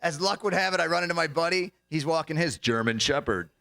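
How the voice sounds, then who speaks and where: A young banquet speaker with a high, gravelly, sharp-toned voice talks fast and expressively through a comedy routine of jokey stories, acting out the voices of the people involved. The recording is studio quality with no echo, set in a banquet hall.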